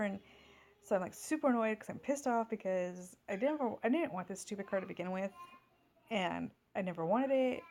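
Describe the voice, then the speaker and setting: A woman's voice: mid-range voice, moderate pace, darkish tone. A woman in her thirties telling a long everyday story in a casual vlog at home, rambling with many fillers and restarts. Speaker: vlogger.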